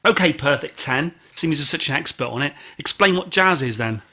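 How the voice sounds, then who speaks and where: A man co-hosting a casual album review podcast, teasing and rambling, with sudden loud exclamations. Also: fairly high pitch, expressive, fairly quick. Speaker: podcast co-host.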